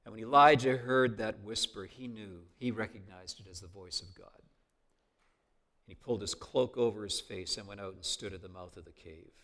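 A man preaching a sermon as pastor, earnest and conversational, swinging between raised emphasis and hushed softness. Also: fairly low pitch, moderate pace.

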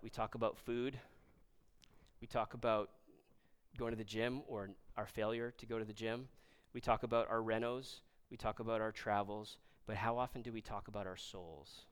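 A man preaching a sermon in a conversational, animated way, checking in with the congregation and swinging from loud emphasis to soft, low points. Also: clear, resonant tone. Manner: rises loud and high when emphatic, drops low and soft on key points. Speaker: pastor.

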